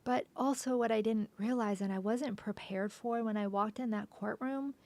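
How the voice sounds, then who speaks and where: A woman being interviewed as a podcast guest, retelling a painful personal story haltingly, with restarts and frequent drops to a soft whisper. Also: fairly high pitch, fairly even intonation.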